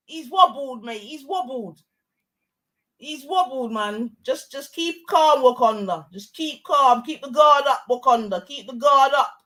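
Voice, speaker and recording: A young woman, giving excitable, slang-heavy live commentary on a fight and shouting often. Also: high-pitched. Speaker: watch-along streamer.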